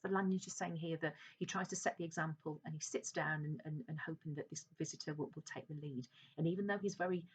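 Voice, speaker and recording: A woman's voice: deep voice, steady tone, fast, few pauses, husky. A woman teacher who reads a novel aloud and explains it, talking hesitantly with many fillers and restarts. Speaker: English teacher. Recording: dull lo-fi recording.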